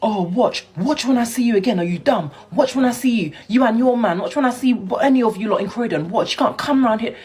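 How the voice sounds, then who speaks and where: A woman mimicking a young man shouting threats. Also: fairly high pitch, fast, few pauses, breathy edge, voice pushed up. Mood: threatening.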